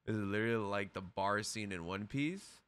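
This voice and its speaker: A man giving casual reaction commentary while watching an anime, excitable and full of profane slang. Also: lowish voice, moderate pace, clean tone.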